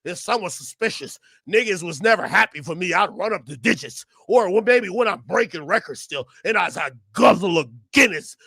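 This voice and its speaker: A man ranting loudly and profanely to his chat during a live stream reaction. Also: high voice, expressive, moderate pace, gravelly, few pauses, breathy edge, no echo, studio quality. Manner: loud, profane ranting, often shouting; talks to his chat and laughs between bits.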